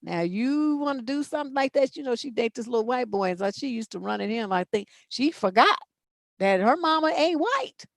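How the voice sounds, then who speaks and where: Blunt, profane woman host, high-voiced. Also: animated, a little fast, gravelly, dry recording. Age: middle-aged. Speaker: relationship advice show host. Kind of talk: unscripted advice chat.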